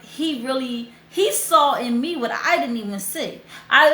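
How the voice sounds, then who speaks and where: A woman's voice: fairly high pitch, a bit bright. A young woman hosting a livestream, telling a heartfelt story in a chatty, emotional way. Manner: heartfelt, chatty, repeats herself. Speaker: host. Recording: roomy echo.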